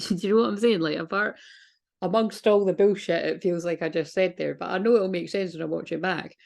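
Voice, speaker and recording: A woman's voice: fairly low pitch, gravelly, darkish tone. A woman talking as a spiritual reader in a casual, rambling monologue, frank and swearing freely.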